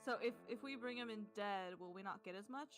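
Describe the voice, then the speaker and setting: A woman's voice: medium pitch, fairly quick, faint music behind. A woman playing a tabletop game, asking hesitant questions. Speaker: player. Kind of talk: casual tabletop play.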